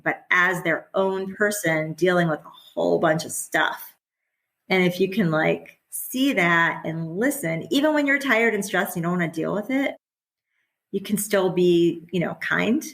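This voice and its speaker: A woman's voice: on the low side, a bit bright. A middle-aged woman who is a guest on a podcast, talking candidly and conversationally and laughing often as she speaks. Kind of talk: casual conversational interview.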